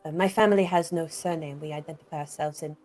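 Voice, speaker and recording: A woman voicing a formal, measured robed expert who wears a plague doctor mask. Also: low-pitched, fairly even intonation, darkish tone, faint music behind.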